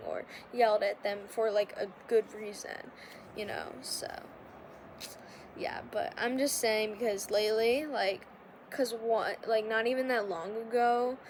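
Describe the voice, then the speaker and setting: A young woman hosts a podcast, speaking in a mid-range voice over slight background noise. Her casual, confessional monologue rambles along, full of filler words and restarts.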